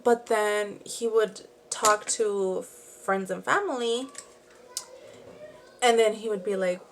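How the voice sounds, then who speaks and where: Taking her time and pausing often, a young woman with a medium-pitched voice tells a true crime story while doing her makeup at home, with slight background noise. The beauty and true crime vlogger is chatty and rambling, sprinkling in "like" and side remarks.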